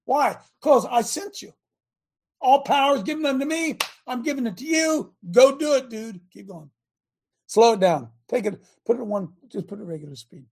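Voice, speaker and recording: A male host who preaches with force, quoting scripture and stopping a clip to drive his point home. His voice is gravelly and husky. He talks in an emphatic, urgent manner. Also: very high voice, brisk. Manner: emphatic, quotes scripture, bursts into shouts. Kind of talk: preaching commentary over a played clip.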